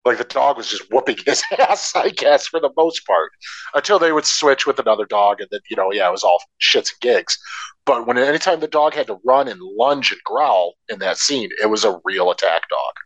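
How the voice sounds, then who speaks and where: Man, podcast co-host, lively swooping pitch, dry close sound, sarcastic asides. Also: normal speed, no room sound, poor audio. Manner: animated storyteller, sarcastic asides. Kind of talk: casual film discussion.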